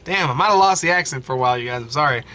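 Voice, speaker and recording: A man's voice: medium pitch, expressive, rapid-fire, bright, forceful tone, slight background noise. A man commenting casually on a story game as he reads it aloud, laughing, swearing and mocking himself.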